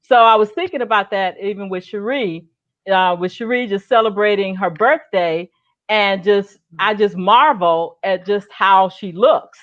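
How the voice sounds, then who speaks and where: Slow, measured woman on muffled audio. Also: medium pitch, fairly bright tone. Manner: measured, reflective. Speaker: author and guest. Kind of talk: casual group chat.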